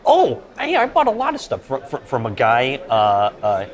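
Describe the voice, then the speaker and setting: A man co-hosting a podcast, chatting over lunch in a halting way with many repeats. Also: medium pitch, wildly swooping pitch. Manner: hesitant, repeats words and fillers. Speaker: podcast co-host. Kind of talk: casual chat over lunch. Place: busy restaurant. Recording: restaurant crowd chatter behind.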